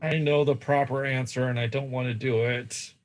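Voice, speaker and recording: A man's voice: medium pitch, fairly even intonation, moderate pace. A man playing a tabletop game, reasoning aloud in a wry way. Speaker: player. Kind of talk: casual tabletop game talk.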